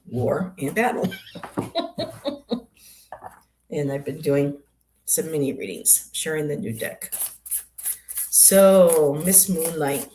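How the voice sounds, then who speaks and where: A woman's voice: low voice, mellow, slight background noise. An older woman hosting a tarot livestream, chatting casually and greeting viewers by name.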